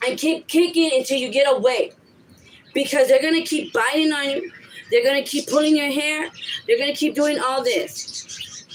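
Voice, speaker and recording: A woman in an intense, rambling vlog monologue, repeating herself over and over. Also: high-pitched. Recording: noisy background with birds.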